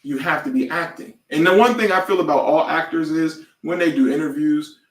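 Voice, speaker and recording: A man co-hosting a podcast in casual chat, animated and prone to loud outbursts and impressions. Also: on the high side, fairly quick, roomy sound, recorded from a distance. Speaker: podcast co-host.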